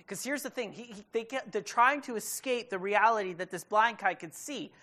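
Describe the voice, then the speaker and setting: A woman preaching a sermon, retelling a story in a casual, conversational way with quick asides to the listeners. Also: mid-range voice, a bit bright.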